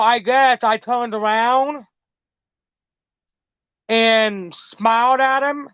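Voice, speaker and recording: A woman's voice: a little high, clear, resonant tone, dry recording. A middle-aged woman telling a story as an interview guest in a casual, rambling, repetitive way, swearing freely. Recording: dull lo-fi dry recording.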